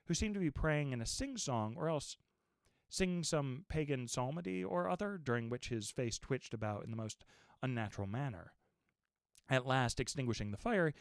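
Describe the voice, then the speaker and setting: A man narrates a classic novel with expressive, animated storytelling. His voice sits at a middle pitch but swings up and down with life, and the recording sounds dry and close. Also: no echo. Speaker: audiobook narrator. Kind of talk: dramatic reading of a classic novel.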